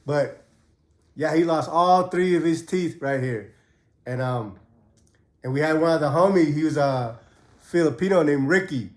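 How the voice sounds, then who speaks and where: Man, slightly high voice, casual and profane storyteller, echoey room. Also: takes it slowly, pauses often. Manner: laid-back, profane, acts out quotes in a raised voice. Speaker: host telling prison stories. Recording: roomy echo.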